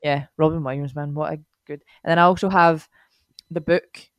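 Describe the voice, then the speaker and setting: A woman's voice: low-pitched, fairly even intonation, normal speed, no room sound, dull audio. A Scottish woman chatting enthusiastically on a podcast, often trailing off mid-sentence. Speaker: podcast co-host, guest sister. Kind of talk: casual chat.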